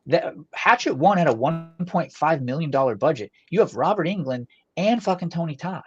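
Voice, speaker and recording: A man co-hosting a podcast, talking in a rambling, animated way with fast bursts and lots of swearing. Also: on the high side. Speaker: podcast co-host. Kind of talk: casual chat with heavy swearing. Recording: dull lo-fi dry sound.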